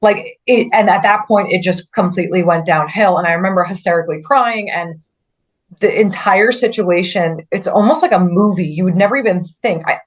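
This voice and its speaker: An earnest woman guest tells her own story in a conversational podcast interview, her voice sitting a little low. She speaks haltingly, often stopping to restart a sentence and leaning on "like" as she goes. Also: muffled recording.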